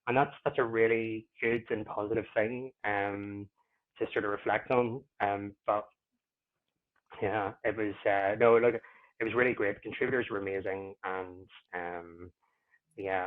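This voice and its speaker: A man speaks as a podcast guest in a low voice, thinking aloud and stopping often to search for the right words. His voice comes through a thin, tinny line that sounds like a phone call. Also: flat delivery. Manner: reflective, pausing often to find words. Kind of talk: casual interview conversation.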